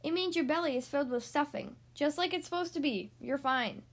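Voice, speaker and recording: A woman's voice: sits high, a little fast. A woman voicing a kind young girl who plays toy doctor, sweet and earnest, in a storybook reading. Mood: gentle.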